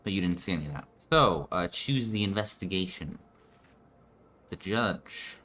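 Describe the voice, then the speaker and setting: A man talks through a video game in a loose, rambling way, dropping swear words as he goes. His voice sits low but has a bright, forward edge. A faint noise hangs behind him. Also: lively intonation, measured pace. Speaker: let's player. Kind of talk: casual gameplay commentary.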